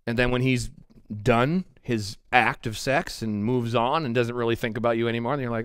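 A middle-aged male pastor giving a verse-by-verse sermon in a chatty, animated way, often checking in with "right?". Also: mid-range voice, quick pace, clean tone, dry recording, studio quality. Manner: conversational, animated preaching with frequent "right?" asides. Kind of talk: expository sermon. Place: church sanctuary.

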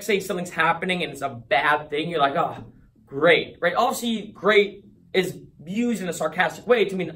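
A man's voice: sits high, a bit bright. A young man from the Boston area chatting casually to camera, laughing and acting out little scenes as he explains slang.

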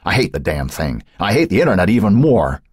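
A man voicing a gruff, irritable male editor who growls and grumbles in an audiobook. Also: low voice, very animated, brisk, darkish tone, dry recording, clean studio sound, heavily acted. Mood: grumbling.

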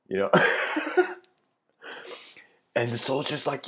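A man giving a spoken lecture, telling a long story in a loose way, with many fillers and throat clearing. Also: medium pitch, unhurried, pauses often. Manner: loose, full of "you know" fillers, frequent throat clearing.

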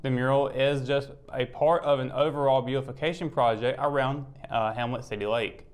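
A male news anchor at a middle pitch reads local stories in a steady, measured way. The delivery stays even and matter-of-fact from one item to the next. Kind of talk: reading news.

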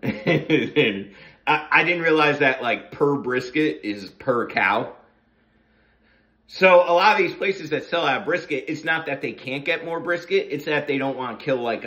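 A man's voice: medium pitch, bright, forceful tone. A middle-aged man from New Jersey, hosting a casual morning monologue full of profane, sarcastic rants. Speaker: host of a morning talk session.

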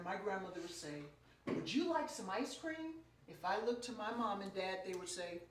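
A woman preacher giving a storytelling lecture, animated and playful with her audience. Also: fairly low pitch, a little hiss or hum. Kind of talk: sermon-style storytelling lecture. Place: lecture room. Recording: echoey room, picked up from a distance.

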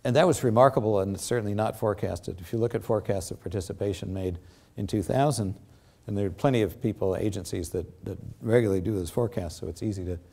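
An older man lecturing in a theatre, his voice low-pitched and mellow. He talks in a halting way, restarting sentences and filling gaps with ums and uhs as he works through his slides. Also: gravelly. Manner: halting, many fillers and restarts.

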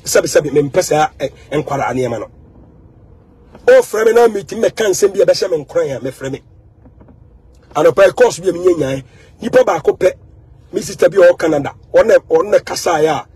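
A Ghanaian man giving an animated, emphatic monologue, repeating words and mixing in English phrases. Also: high voice. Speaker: social media commentator.

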